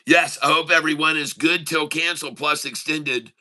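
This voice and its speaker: Middle-aged male livestream host, rambling casual chat, very bright forceful tone. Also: a little high, steady tone, moderate pace. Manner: rambling, filler-heavy, answers chat mid-story. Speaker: day-trading livestream host. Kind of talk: casual live-stream chat and joke telling.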